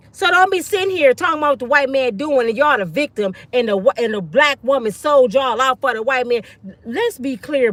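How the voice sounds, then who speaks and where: A woman hosting a show and telling animated stories, emphatic, preachy and sassy, with quick asides. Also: high-pitched. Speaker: host. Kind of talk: animated storytelling rant.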